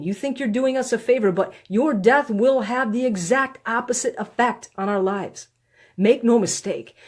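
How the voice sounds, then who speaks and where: A woman reading her own book aloud in a live stream, pleading and heartfelt, with slow, deliberate phrasing. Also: medium pitch, darkish tone. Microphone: phone or webcam on a live stream.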